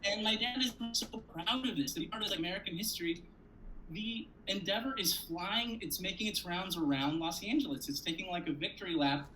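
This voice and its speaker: A man telling comic family stories on a conference panel, animated and profane, jumping to loud high outbursts when he acts out scenes. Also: fairly quick, a little hiss or hum, poor audio. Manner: profane, conversational, frequent "like". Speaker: comedian panelist.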